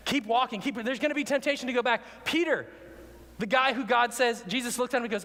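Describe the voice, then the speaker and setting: A man preaching a sermon as pastor, animated and conversational, full of rhetorical questions. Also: extremely high pitch, quick pace, big-room sound. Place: church sanctuary.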